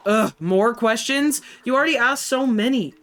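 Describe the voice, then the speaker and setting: A woman's voice: medium pitch, animated, fairly quick, fairly bright tone, natural voice. A woman voicing a prickly, evasive young circus girl. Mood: defensive. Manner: curt, dismissive, sulky retorts.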